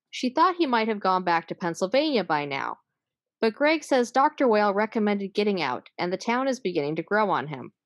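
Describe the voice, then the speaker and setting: A woman, hosting a podcast, chatting casually and recapping an episode, enthusiastic and quick to swear and laugh. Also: lowish voice, dry recording, studio quality. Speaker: podcast host.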